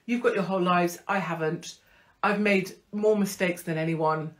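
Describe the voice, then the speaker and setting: Casting: middle-aged woman, low voice, blunt, profane, rambling chat host. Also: steady tone, moderate pace. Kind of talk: casual live-stream chat.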